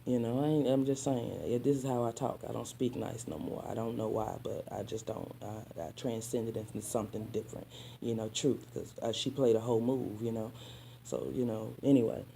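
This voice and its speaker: A sassy woman vlogger, talking straight to her listeners in a casual storytime. Her voice is dark and mellow, and she calls her audience honey and child. She mixes spiritual preaching into her story and now and then drops into soft asides. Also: rumbling low, a little fast, gravelly, slight background noise.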